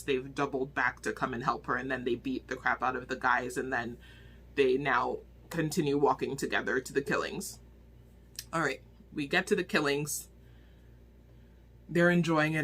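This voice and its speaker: A woman chats into her phone about a book she just read. She talks in an animated, exclaiming way, often stopping to restart her sentences as she rambles along. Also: low voice. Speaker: book reviewer. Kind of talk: casual vlog book review.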